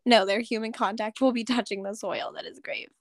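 A young woman with a slightly high voice, chatting casually and adding dry, teasing quips. The recording is close and dry. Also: steady tone, fairly quick, dry recording. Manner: teasing, wry asides. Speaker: podcast co-host. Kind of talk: casual chat.

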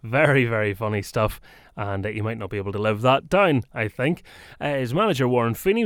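A man's voice: medium pitch, clear, resonant tone, no room sound, studio quality. A man hosting a sports podcast, chatting and laughing along with his guests. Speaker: podcast host.

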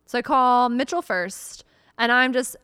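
Young woman, smooth voice, animated storyteller. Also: on the high side, unhurried, dry recording, clean studio sound. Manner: animated storyteller, acts out her own reactions. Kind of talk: casual chat.

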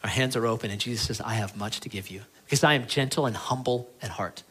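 A man preaching a sermon as pastor of his church, earnest and pleading, moving between emphatic lines and quiet ones. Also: medium pitch, fast talker, husky.

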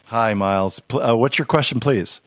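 A man hosting a call-in radio program, briskly thanking callers and steering the talk between guests. His voice has a middle pitch. It is recorded dry and close in a studio. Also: no room sound. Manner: friendly, brisk moderator.

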